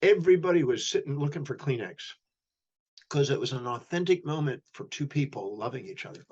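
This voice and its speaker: Man, husky, guest storyteller acting out dialogue, slightly dull lo-fi recording. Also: medium pitch, expressive, a little fast, darkish tone. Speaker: guest, human behavior specialist. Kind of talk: storytelling in a podcast interview.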